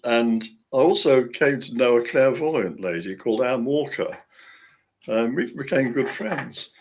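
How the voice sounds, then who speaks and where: Guy telling a long story, keeps chuckling and going off track, average pitch. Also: animated, unhurried. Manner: rambling, chuckling, frequent restarts. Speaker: author, interview guest. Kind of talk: casual storytelling.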